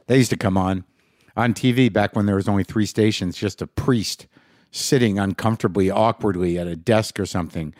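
A man's voice: fairly low pitch, a little mellow, no echo, clean studio sound. A man hosting a podcast in a rambling, profane monologue, punchy and short on sleep. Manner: rambling, rapid-fire questions, profane. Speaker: podcast host. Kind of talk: casual monologue.

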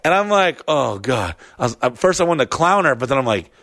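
A young man, a podcast host, telling a story in casual chat, animated and profane, acting out his own reactions. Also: medium pitch, a little fast, dry recording, clean studio sound.

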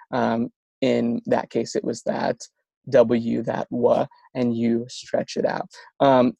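Slow, gravelly man who stutters. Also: mid-range voice, warm tone, dry recording. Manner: speaks with a stutter, many repetitions and restarts. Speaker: interviewee explaining stuttering therapy. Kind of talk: conversational explanation.

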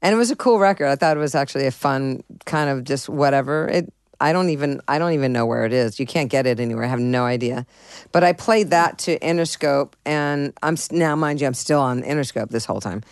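A middle-aged woman musician tells blunt, swear-laden stories as an interview guest, playing out both sides of old arguments. Her voice comes through smooth and clear, recorded dry and close with no room sound. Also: a bass voice, a little fast, dry recording. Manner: animated, profane, acts out conversations. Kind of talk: candid storytelling in an interview.

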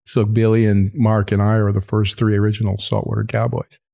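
A man's voice: lowish voice, flat delivery, brisk, vocal fry, warm tone. A man telling a long story in casual conversation, rambling and swearing freely, laughing as he talks. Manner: rambling, profane, laughs mid-sentence. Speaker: podcast guest.

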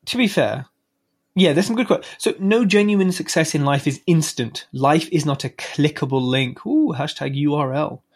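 A man's voice: fairly high pitch, moderate pace, breathy edge. A man hosting a podcast, giving a casual, chatty solo book review with offhand swearing and self-mocking asides. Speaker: podcast host.

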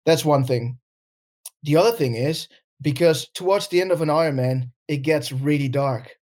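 A man's voice: a little high, moderate pace, a little mellow. A man co-hosting a podcast, chatting casually, laughing often and swearing now and then. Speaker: podcast co-host.

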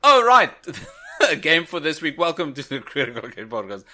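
A man's voice: a little high, lively intonation, fairly quick, bright, forceful tone. A man co-hosting a podcast, chatty and laughing often through casual chat. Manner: chatty, laughs while talking. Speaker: podcast co-host.

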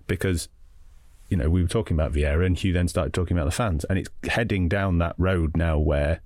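A man in his thirties, a football journalist chatting on a podcast in a quick, self-interrupting way. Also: low-pitched, darkish tone, no echo, clean studio sound. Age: 30s. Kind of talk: casual podcast debate.

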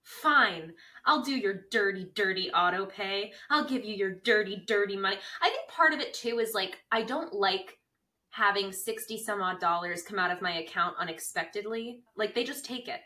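A woman's voice: medium pitch, expressive, moderate pace, bright, forceful tone, recorded from a distance, rough recording. A young adult woman co-hosting a casual podcast chat, playful and self-mocking, laughing often. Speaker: podcast co-host.

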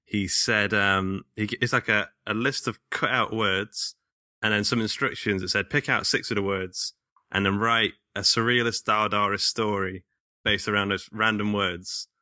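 Bright-voiced British podcast host. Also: male voice, on the low side, steady tone, measured pace, no echo, studio quality. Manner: chatty, laughs easily. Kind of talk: casual podcast chat.

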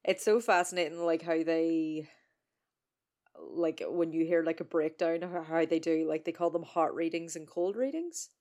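A woman's voice: sits low, moderate pace, darkish tone. A young woman co-hosting a podcast in casual, sweary chat, full of fillers. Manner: sweary, laughing, lots of fillers. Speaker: podcast co-host.

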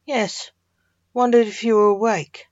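A woman voicing Blake, a tired father who is a necromancer, read slowly and plainly. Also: a little high, steady tone, a little mellow, no room sound, pitched above the performer's own voice, close to an everyday voice. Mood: weary. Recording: dull lo-fi dry recording.

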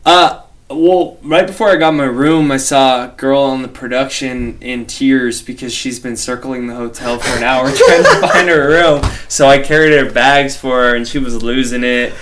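A man's voice: mid-range voice, moderate pace, background noise. A young man, a guest author on a podcast, talking earnestly and casually about his books. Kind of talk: casual interview chat.

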